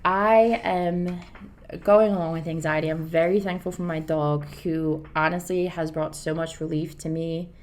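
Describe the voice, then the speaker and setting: A woman's voice: low voice, fairly even intonation, normal speed, darkish tone. A woman co-hosting a podcast in casual, earnest chat, rambling and reassuring. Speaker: podcast co-host.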